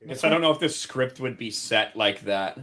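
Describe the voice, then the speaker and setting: A man's voice: medium pitch, expressive, moderate pace, fairly bright tone. A man co-hosting a podcast in casual chat, blunt and unfiltered, swearing freely.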